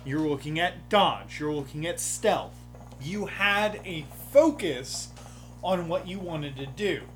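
A man's voice: fairly high pitch, slow, faint music behind. A man running a tabletop game, talking casually and acting out lines from the table, with frequent swearing. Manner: animated, acts out table dialogue, swears. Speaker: game master. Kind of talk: casual chat.

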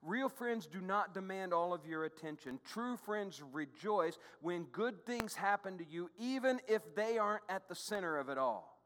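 A male pastor preaches in a lively, chatty way and turns often to the congregation. His voice sits a little high. A long echo from a large church hall trails after his words. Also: normal speed, hardly any pauses. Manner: animated, conversational preaching with asides to the congregation. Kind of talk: sermon. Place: church sanctuary.

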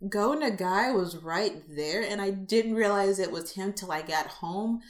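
A woman co-hosting a casual chat, talking in a chatty, animated way with many fillers. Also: mid-range voice, unhurried. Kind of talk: casual chat about conventions. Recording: echoey room.

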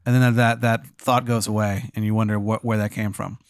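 A man's voice: fairly low pitch, flat delivery, a little fast, smooth, no echo, studio quality. A man running an improvised hypothetical scenario, narrating loosely with fillers and swearing. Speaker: game master of an improvised hypothetical. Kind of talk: casual improvised storytelling.

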